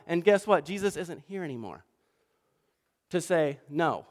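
A pastor giving a sermon, telling stories in an animated way and acting out the quoted voices. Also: male voice, on the high side, measured pace. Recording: long reverb of a large hall.

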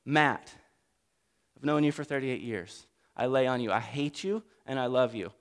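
A man's voice: mid-range voice, normal speed, pitched below the performer's own voice, close to an everyday voice. A man doing a giddy, fed-up healed man. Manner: incredulous, ranting.

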